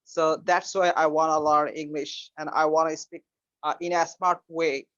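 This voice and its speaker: High-voiced guy student, halting, lots of pauses, muffled dry call audio. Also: little pitch movement, fairly bright tone, no echo. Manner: hesitant, halting, searching for words. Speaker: student caller. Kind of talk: live class conversation.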